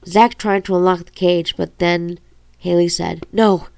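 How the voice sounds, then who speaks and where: Gravelly woman reading her own novel. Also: fairly low pitch, flat delivery, a little mellow, no echo. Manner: halting, with stumbles and self-corrections.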